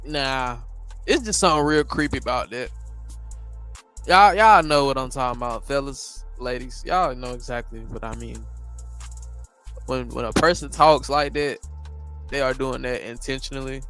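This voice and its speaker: A man giving blunt reaction commentary, animated and talking straight to his audience. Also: mid-range voice, moderate pace, long pauses, faint music behind. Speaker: commentary host.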